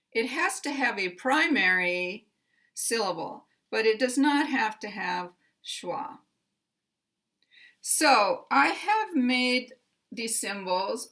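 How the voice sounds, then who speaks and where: Middle-aged American woman, pronunciation teacher, bright tone, very slow and deliberate delivery. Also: medium pitch. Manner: deliberate, carefully enunciated, repeats example words. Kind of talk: slow instructional explanation.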